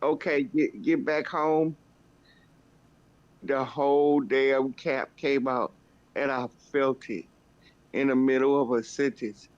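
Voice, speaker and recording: A woman's voice: a bass voice, steady tone, takes it slowly, long pauses, a little mellow. Woman, casual talker, blunt and profane, recorded on a muffled lo-fi mic. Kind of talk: casual chat. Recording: dull lo-fi recording.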